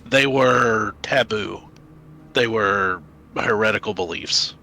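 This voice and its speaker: A male game master describes scenes slowly and deliberately, pausing on his words. His voice is bright and slightly forward, with a lowish pitch. He narrates the game for the players.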